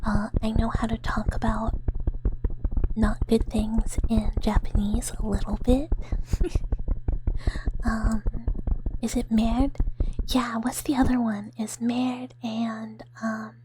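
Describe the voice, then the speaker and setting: A woman's voice: on the high side, little pitch movement, slow, pauses often, noisy background. A woman streamer in a whispered ASMR chat with her viewers, giggling often as she talks.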